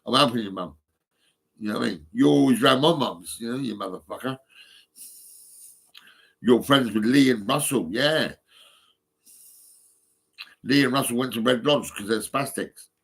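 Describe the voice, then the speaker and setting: A man's voice: mid-range voice, moderate pace, gravelly, pauses often, a bit bright, slightly rough. A man, talking live on a stream in a rambling way, swearing often, with many fillers and restarts. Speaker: livestreaming vlogger.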